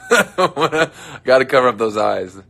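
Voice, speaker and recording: A man's voice: mid-range voice, very animated, slow, vocal fry. A young man hosting a casual livestream from his dressing room, joking and chatting with viewers in a playful way. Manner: playful, joking, drifts into soft mumbles. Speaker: livestream host. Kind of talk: casual livestream chat reading comments.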